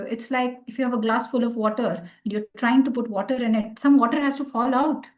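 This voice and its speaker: A woman, gently guiding a meditation class and encouraging her students. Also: fairly high pitch, low-quality recording. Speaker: meditation teacher. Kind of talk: online class talk.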